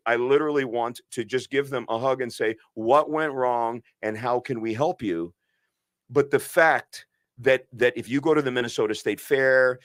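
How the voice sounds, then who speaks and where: An earnest, emphatic physician co-hosts a podcast at a middle pitch with a slightly bright voice, pressing hard on his points in an impassioned conversation. He frequently breaks off to restart and adds asides. The recording is dry and close, with no echo or room sound.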